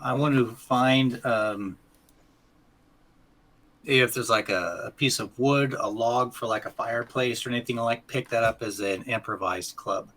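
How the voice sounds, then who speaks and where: A man's voice: medium pitch, unhurried, fairly bright tone. A man playing a tabletop game, hesitant and thinking aloud as he declares his moves. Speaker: player.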